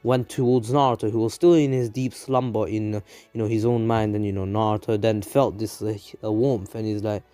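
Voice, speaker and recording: Rambling low-voiced male storyteller. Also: fairly even intonation, fairly quick, few pauses, dark tone, soft background music. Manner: rambling, full of fillers. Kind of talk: casual fan story narration.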